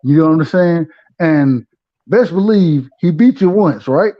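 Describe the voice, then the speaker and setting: High-voiced man with loose streetwise talk. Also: animated, measured pace. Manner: loose, streetwise slang, frequent restarts. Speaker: regular guest. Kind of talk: casual live-stream chat. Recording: dull lo-fi audio.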